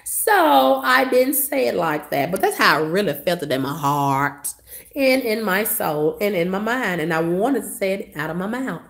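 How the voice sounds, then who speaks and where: A woman's voice: medium pitch, echoey room. A woman delivering a profane, sassy rant as a vlogger, coughing now and then. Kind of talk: ranting monologue.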